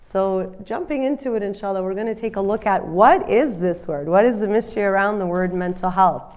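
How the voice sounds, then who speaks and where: A woman's voice: mid-range voice, brisk, darkish tone. A woman counsellor giving a live presentation to an audience. She sounds nasal from a cold and talks in a friendly way, often checking in with the listeners. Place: community centre in front of an audience.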